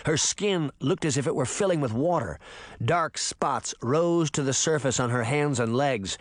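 A man narrating a fantasy audiobook in a dramatic, expressive reading style. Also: medium pitch, normal speed, no room sound. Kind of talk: scripted narration.

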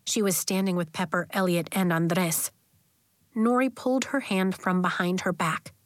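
Gentle woman reading a children's book. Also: lowish voice, normal speed, dry recording, studio quality. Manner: gentle, even storytelling with voiced characters. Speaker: audiobook narrator. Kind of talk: audiobook reading of a children's novel.

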